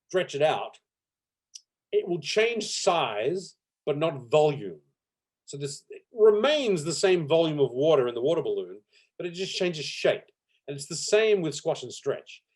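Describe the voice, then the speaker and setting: A middle-aged man teaching animation in a live online workshop over a video call. He talks in a relaxed, chatty way, with many fillers and soft laughs. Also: fairly high pitch. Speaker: animation instructor.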